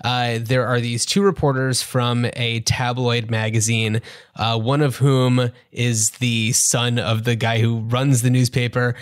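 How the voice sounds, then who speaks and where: Man, podcast co-host, casual chat, thirties, mid pitch, dry recording. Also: clear, resonant tone, dry recording. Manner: chatty, summarizing with frequent fillers.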